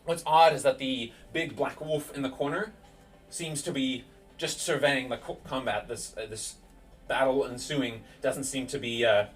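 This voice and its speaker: A man at a middle pitch runs a tabletop game as game master, calling rolls and painting each sword swing in vivid detail. He sits back from a distant mic. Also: steady tone, measured pace, faint music behind. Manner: vivid play-by-play of rolls and attacks.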